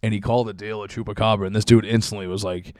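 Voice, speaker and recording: A man's voice: fairly low pitch, steady tone, very fast, a little mellow, no room sound, clean studio sound. A young man telling a long story in casual chat, rambling and profane with lots of fillers.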